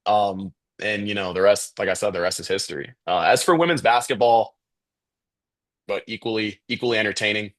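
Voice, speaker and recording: A man's voice: lowish voice, a little fast, no room sound. A young man from Chicago, a student photographer, telling his story casually as a podcast guest with lots of fillers and restarts. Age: young adult. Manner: relaxed, chatty, many fillers and restarts.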